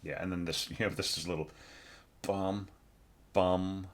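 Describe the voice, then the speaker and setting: A man teaching orchestration, giving a relaxed score critique full of fillers and self-corrections, now and then singing phrases on nonsense syllables. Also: low voice, measured pace, vocal fry, a little hiss or hum. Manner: relaxed, thinks aloud, sings phrases with syllables.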